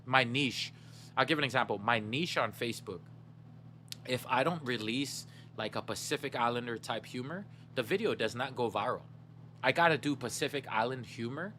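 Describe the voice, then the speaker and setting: A man's voice: medium pitch, bright, forceful tone, a little hiss or hum. A young man streaming a game, chatting casually with his viewers in a laid-back, slangy way and laughing often.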